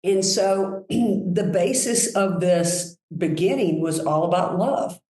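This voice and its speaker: A woman guest telling enthusiastic, animated stories about her work in a relaxed conversation. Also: lowish voice, takes it slowly, reverberant, low-quality recording. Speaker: guest, brand executive. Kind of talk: conversational storytelling.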